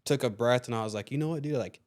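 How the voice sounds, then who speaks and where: A man's voice: medium pitch, quick pace, a little mellow. A young man hosting a podcast, telling a story in casual chat, swearing freely and acting out the voices of people he quotes. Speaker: podcast host.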